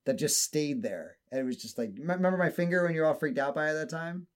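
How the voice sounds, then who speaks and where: A man speaking fast and smoothly in a fairly high voice spins a long tale during a casual conversation. He curses liberally and performs the other people's lines as he quotes them.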